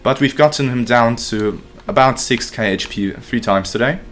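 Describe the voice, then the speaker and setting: A young man commentating his own gameplay live, excitable and profane, talking to his chat as he plays. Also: medium pitch, moderate pace, faint music behind. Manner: excitable, profane, talks to chat while playing. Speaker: streamer.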